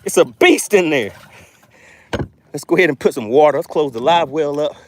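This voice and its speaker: Breathless, excitable man on a fishing boat. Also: fairly high pitch, normal speed. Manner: excitable, keeps exclaiming and addressing viewers as guys. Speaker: fishing channel host. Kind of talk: live-streamed fishing commentary.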